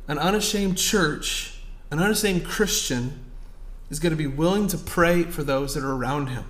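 A man with a high voice preaches a sermon at a conference. He talks like he is chatting with the congregation, dropping quiet for stories and then rising to loud, urgent appeals. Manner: conversational, swings from quiet storytelling to loud exhortation.

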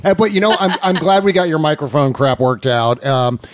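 Male podcast host, animated and incredulous, slightly high voice, dry close sound. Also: brisk, no room sound. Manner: animated, incredulous storytelling with laughs. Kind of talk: casual chat.

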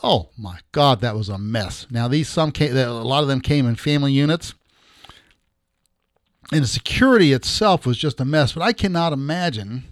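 A middle-aged man giving casual political commentary as a podcast host, rambling and halting with many restarts, blunt and sarcastic. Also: medium pitch, dry recording, clean studio sound.

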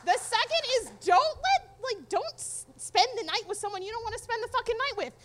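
A woman's voice: extremely high pitch, lively intonation, fairly quick, very noisy. A young adult woman telling a personal story to an audience, candid, profane and wry.

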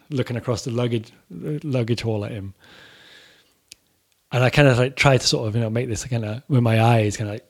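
A man's voice: medium pitch, a little mellow. A man telling a casual story about touring with his band, swearing freely and acting out the quotes. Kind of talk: casual anecdote.

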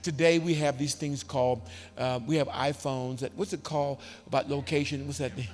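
A man preaching a sermon as bishop, animated and given to shouting for emphasis. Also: fairly high pitch, fairly quick, vocal fry, big-room sound.

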